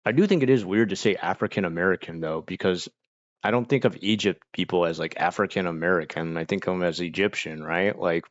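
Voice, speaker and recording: Speaking fairly quickly in a low voice, a young Florida man streams from home, going through chat and reacting, filling gaps with lots of fillers. Quoting people makes him animated, though he's generally just chatty. The recording is dry with the highs cut off.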